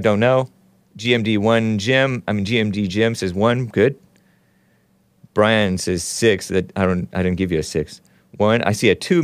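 A male talk show host with a middle-range voice that swings up and down a lot as he rambles. He sounds sarcastic and offhand, reading bits aloud and riffing with his chat. The sound is dry and close, with no room echo. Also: medium pitch. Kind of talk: casual live-stream commentary.

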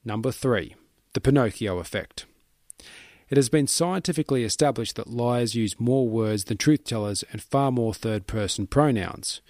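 A man reading a book summary aloud in steady, measured scripted narration. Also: medium pitch, no echo, studio quality.

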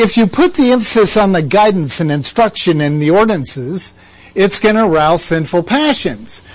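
A man giving conversational Bible teaching, asking rhetorical questions and making asides to his listeners. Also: sits high.

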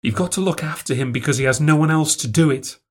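A man voicing a stern, bossy little girl of about six in a spoken ghost story, speaking quietly and firmly. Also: a little high, fast talker, slightly rough, voice pushed up. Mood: scolding.

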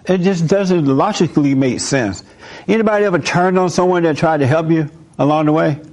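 A man's voice: fairly high pitch, brisk. A man hosting a live talk, delivering a preachy monologue and asking the room questions. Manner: animated, asks the audience questions. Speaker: host speaking to a live audience.

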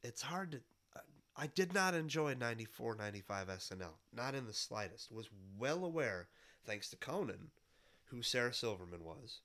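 A Midwestern American man in his thirties hosts a podcast with a cold, rambling through a nostalgic casual monologue full of fillers and restarts. His medium-pitched voice is sing-song and sharp in tone, at a normal speed.

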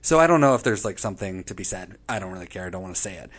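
Rapid-fire and deep-voiced, a podcast co-host swears freely as he goes over a TV episode. He gets animated and mimics the quotes in silly voices.

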